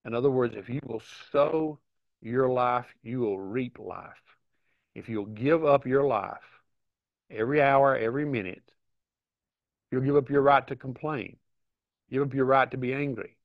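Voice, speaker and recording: A middle-aged man earnestly teaching a Bible study, reading verses aloud and pausing to stress them. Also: mid-range voice, vocal fry, no room sound, muffled recording. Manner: earnest, emphatic, reads scripture aloud with pauses.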